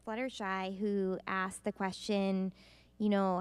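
A woman's voice: mid-range voice, measured pace, clear, resonant tone, dry recording. A woman on a convention panel stage, speaking bubbly with hesitant fillers.

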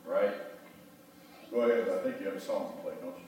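A middle-aged male pastor preaches in a folksy storytelling way, leading his congregation in a call-and-response prayer. His voice sits on the low side. The sound is captured from far off in a church sanctuary, with a long echoing reverb. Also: fairly quick, a little mellow. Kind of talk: sermon. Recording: echoey hall, voice from far off.

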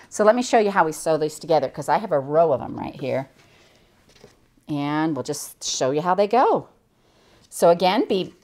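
An older woman from the United States, a quilting instructor giving a chatty, cheerful step-by-step demonstration. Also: mid-range voice. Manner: chatty, cheerful, enthusiastic about the work. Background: sewing machine.

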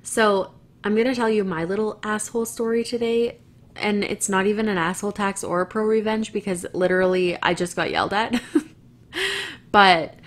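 A woman's voice: mid-range voice, normal speed. A woman with a Canadian accent telling a story to camera in a chatty, rambling way, swearing freely and restarting her sentences. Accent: Canadian English.

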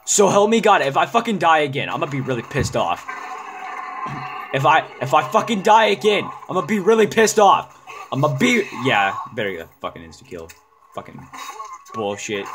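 A man giving let's-play gaming commentary, ranting and swearing, often bursting into yells. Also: mid-range voice, sing-song, brisk. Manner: profane, ranting, bursts into yelling. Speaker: gamer.

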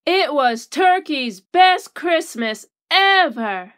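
A woman reads a children's picture book aloud in a slow, deliberate way. Her voice sits high and sounds bright and clear. She stretches each phrase out so young listeners can follow. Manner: slow, expressive reading for children. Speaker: teacher reading a storybook. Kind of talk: storybook read-aloud.

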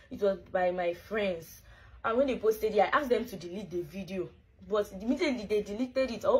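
A woman's voice: mid-range voice, darkish tone, rough recording. A woman in a played clip, pleading and apologizing over and over. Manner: pleading, repetitive.

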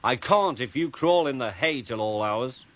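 A man's voice: medium pitch, lively intonation, normal speed, close to an everyday voice. A man with a British accent voicing a stern, punctual little male tank engine who scolds and teases, over background music. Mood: scolding. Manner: bossy, scolding, teasing.

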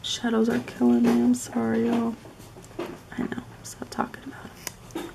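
A woman's voice: fairly high pitch, monotone, moderate pace, creaky, noisy background. A woman chatting casually on a live stream while decorating a planner at home, often slipping into murmured, half-whispered asides to herself. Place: at home with her pets.

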